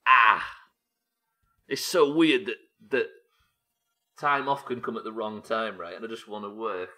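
A man's voice: lowish voice, moderate pace, pushed and bright. A British man streaming a game live, chatting with his viewers and muttering to himself while he builds. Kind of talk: live gameplay streaming, reading chat.

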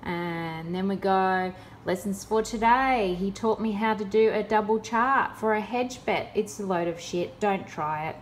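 A woman's voice: mid-range voice, moderate pace, slight background noise. A woman in a casual vlog, talking in a sarcastic, exasperated way. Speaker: vlogger.

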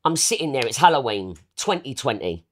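A woman's voice: rumbling low, sing-song, fairly quick, breathy edge. A woman, the artist's manager, talking in a casual podcast chat. She speaks emphatically and confidently, often checking in with "okay?" and "all right?". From England. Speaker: artist manager and guest co-host.

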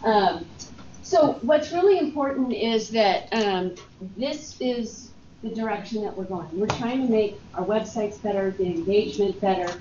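A woman's voice: mid-range voice, unhurried, mellow. A woman moderates a workshop in an upbeat, encouraging way and laughs easily. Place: meeting room. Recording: muffled, roomy, noisy.

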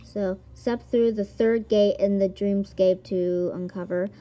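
Giggly woman gamer, mellow voice. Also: medium pitch, steady tone, a little slow, dull audio. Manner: giggly, reads game text aloud, exclamatory. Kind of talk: let's-play commentary.

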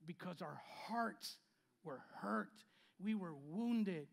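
A pastor in his fifties preaches with a high voice for a man. He swings between loud, emphatic lines and quiet asides, and he repeats key phrases as he goes. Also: takes it slowly, vocal fry. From Spanish-speaking background. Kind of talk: sermon. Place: church sanctuary.

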